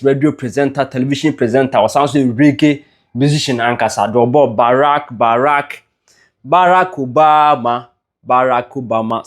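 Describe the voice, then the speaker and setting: A man with a Ghanaian accent, a news presenter retelling entertainment gossip in a storytelling way, dropping English words into his speech. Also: medium pitch.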